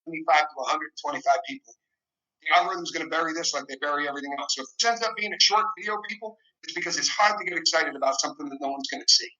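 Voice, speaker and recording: A man's voice: on the high side, sharp tone, highs cut off. A man speaking to his viewers in an earnest, defensive way. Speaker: video maker. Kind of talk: talking to camera.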